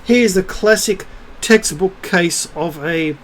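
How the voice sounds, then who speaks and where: A man's voice: sits high, slow pace, low-quality recording. Blunt, profane middle-aged man ranting. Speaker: spiritual vlogger. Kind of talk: casual ranting monologue.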